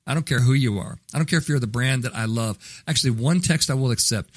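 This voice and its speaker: A man's voice: mid-range voice, quick pace, no echo. A man hosting a podcast, talking about marketing in a blunt, ranting way that mocks bad habits. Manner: blunt, ranting, mocks callers in put-on voices. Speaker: podcast host. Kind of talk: opinionated marketing talk.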